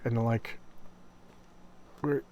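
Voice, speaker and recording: A comic book video host, male, speaks slowly in a mellow voice while casually reviewing old horror comics. He retells them with rambling, chatty enthusiasm and acts out quoted lines in passing.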